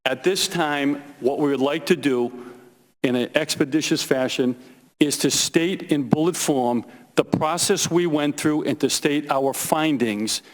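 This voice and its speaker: Emphatic man testifying in a hall. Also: fairly high pitch. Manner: emphatic, deliberate, repeats key phrases. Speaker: witness at a congressional hearing. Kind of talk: prepared testimony. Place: large hearing room. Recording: reverberant hearing room.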